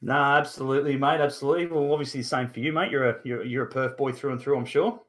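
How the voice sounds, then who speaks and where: A man's voice: mid-range voice, steady tone, fast. An Australian man in his thirties hosting a casual sports podcast, rambling with lots of fillers and the odd mild swear. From Newcastle, Australia. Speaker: podcast host.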